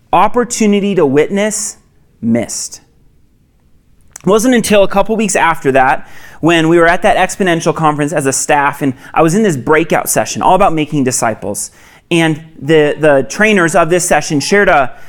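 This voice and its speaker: A man preaching a sermon as a pastor, conversational and earnest, with quick asides and restarts. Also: fairly high pitch.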